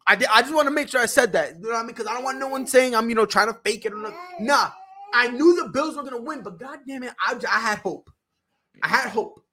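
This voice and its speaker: A young adult woman hosting a sports podcast, telling stories in an animated, slangy way with lots of restarts and tag questions. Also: a little high, fast talker. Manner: animated storyteller, slangy, full of restarts and "right?". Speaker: podcast host. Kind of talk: casual sports chat.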